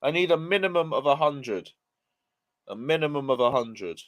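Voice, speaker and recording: Having just woken up, a young football livestreamer yawns and rants on a casual stream, cursing in frustration as he reads the chat out loud. His medium-pitched voice is expressive and runs at a normal pace.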